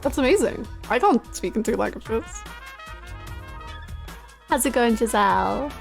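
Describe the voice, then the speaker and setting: A young Australian woman chatting casually with viewers on a live stream, bubbly and quick to laugh. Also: on the high side, expressive, vocal fry, faint music behind.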